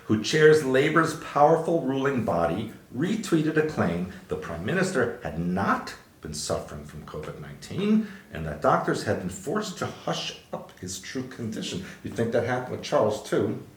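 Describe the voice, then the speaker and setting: A man's voice: medium pitch, big pitch swings, moderate pace, hardly any pauses. A man co-hosting a podcast, reading news items aloud and adding dry, joking asides. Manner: reads headlines aloud with wry asides. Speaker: podcast co-host. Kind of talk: casual news commentary. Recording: roomy echo.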